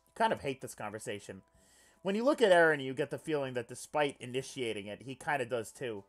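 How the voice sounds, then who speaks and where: A man streaming a visual novel, reading the narration aloud and reacting with animated, foul-mouthed commentary. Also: medium pitch, fast talker, soft background music. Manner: animated, swears often, laughs loudly. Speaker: let's play streamer.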